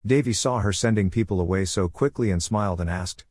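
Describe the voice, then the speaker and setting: A man reading a manhwa recap as scripted story narration, in a flat, even delivery. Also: fairly low pitch, brisk, few pauses, no echo, clean studio sound.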